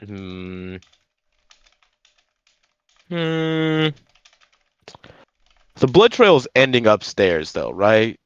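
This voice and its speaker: A man with a low voice plays in a tabletop game, hesitating and hedging as he decides what to do. His pitch swings widely, and his recording sounds muffled and dry. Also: sing-song, measured pace, few pauses, smooth, dry recording. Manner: hesitant, full of ums and hedging. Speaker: player. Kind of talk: casual tabletop play.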